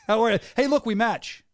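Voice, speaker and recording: A man's voice: high-pitched, no room sound, clean studio sound. A male podcast host and event announcer, chatting energetically in a rambling hype-man way as he interviews a guest. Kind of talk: casual interview chat.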